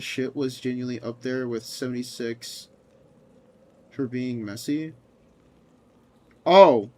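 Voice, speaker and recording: A man's voice: a little high, a bit bright. A young man streaming, chatting casually with his viewers, answering chat and ranting with frequent laughter and swearing.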